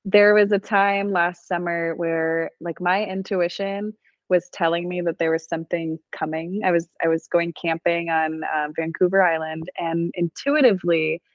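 A woman hosting a podcast, speaking gently and reflectively with some hesitations. Her voice is somewhat low. The sound is dry and a little dull, as if from a modest mic. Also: flat delivery, moderate pace, no room sound. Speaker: podcast host. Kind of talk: casual conversation.

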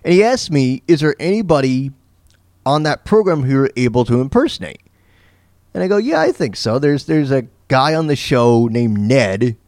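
A man from Florida hosts his own podcast and tells a long story in a loose, rambling way. He restarts sentences and fills pauses with lots of fillers. His voice sits at an ordinary middle pitch, and it is recorded close and dry. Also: lively intonation, a little mellow, no room sound. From Florida, USA. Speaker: podcast host. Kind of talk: casual storytelling monologue.

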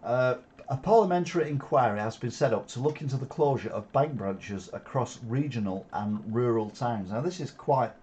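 Hosting an alternative news show, this Wigan man reads headlines and adds sarcastic, off-the-cuff commentary peppered with fillers. His medium-pitched, darkish voice is expressive at a moderate pace, and there's slight background noise; his accent is Wigan, Lancashire.

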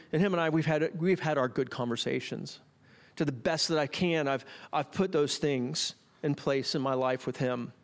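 Man, middle-aged, pastor, sermon, high-pitched, animated, self-mocking. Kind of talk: sermon with personal stories.

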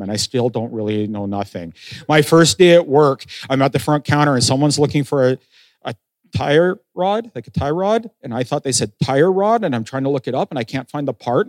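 A man's voice: medium pitch, a little mellow, dry recording. A middle-aged man, a pastor, telling his story in a sermon, acting out conversations with self-deprecating humor. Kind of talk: sermon testimony.

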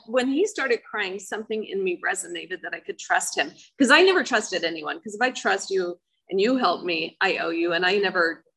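A woman's voice: medium pitch, creaky, sharp tone, slightly rough, low-quality recording. A middle-aged woman giving a personal testimony talk, earnest and emotional, with many fillers. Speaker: speaker sharing her life story.

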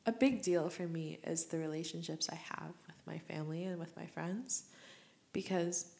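Low, gravelly young woman podcaster. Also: fairly even intonation, normal speed, a little mellow. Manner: heartfelt, reflective, rambling. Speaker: podcast host. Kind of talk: casual solo podcast monologue.

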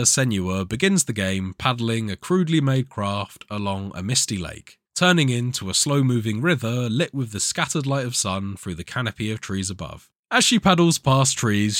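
A man's voice: mid-range voice, a bit bright, no room sound, studio quality. A man co-hosting a gaming podcast, chatting and recapping a game with enthusiasm. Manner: enthusiastic, narrating, sometimes laughing. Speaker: podcast co-host. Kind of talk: casual chat and game recap.

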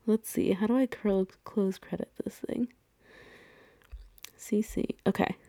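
A woman in her thirties chatting casually as a podcast co-host. She laughs often, swears freely and slips into little acted-out quotes while recapping. Her pitch sits in an ordinary middle range. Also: steady tone, unhurried, mellow, dry recording, clean studio sound. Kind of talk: casual movie rewatch chat.

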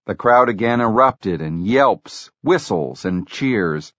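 A man narrating an audiobook in a measured, even storytelling delivery. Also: on the low side, no echo, dull audio. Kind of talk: scripted narration.

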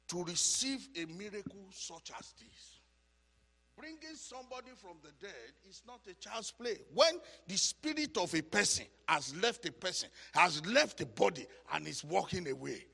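A man's voice: sits high, animated, unhurried, creaky, breathy edge. Impassioned male preacher in a reverberant hall. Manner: impassioned preaching, repeats phrases for emphasis, rises to shouts. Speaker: Bible teacher, preacher. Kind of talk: Bible study sermon.

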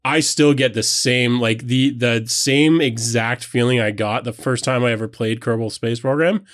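A man's voice: medium pitch, fairly even intonation, normal speed, a bit bright. A man co-hosting a casual podcast who rambles and corrects himself in an upbeat way. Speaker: podcast co-host. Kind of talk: casual chat.

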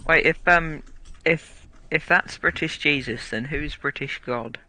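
A man's voice: a little high, unhurried, pushed and bright, poor audio. A man cohosting a casual chat on a cheap home mic, giggling and stumbling over restarts. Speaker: podcast co-host.

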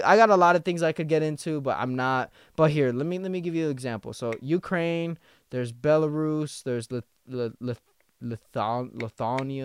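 Young guy hosting a solo podcast rant, profane and rambling, with a smooth voice and a dry sound. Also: medium pitch, no room sound. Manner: profane, rambling, restarts often. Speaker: podcast host.

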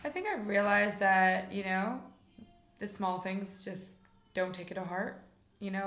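A woman in her forties from the United States with an American accent, a guest in a relaxed interview, chatting upbeat with many fillers. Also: medium pitch, moderate pace, echoey room. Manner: chatty, upbeat, lots of fillers like "like" and "you know". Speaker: interview guest, rabbi's wife. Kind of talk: casual conversational interview.

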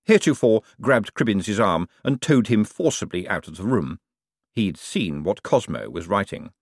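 Man narrating an audiobook, lowish voice, very expressive, dry close sound. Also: normal speed, no echo.

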